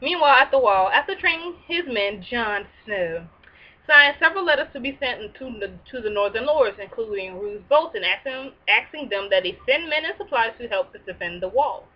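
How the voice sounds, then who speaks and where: A woman's voice: on the high side, lively intonation, moderate pace, highs cut off. A woman hosting a casual episode recap, reading plot summaries and breaking in with sassy, slangy asides. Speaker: recap show host.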